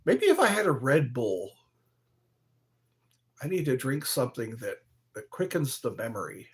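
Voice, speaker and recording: A man hosting his own live stream, chatting slowly and aimlessly, greeting viewers by name and trying to recall old movies. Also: medium pitch, sing-song. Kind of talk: rambling live stream chat.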